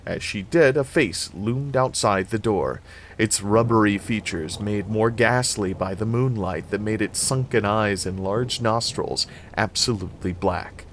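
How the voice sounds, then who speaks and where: Casting: man, low voice, steady horror novel narrator. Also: measured pace, slight background noise. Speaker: reader. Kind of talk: dramatic horror novel reading.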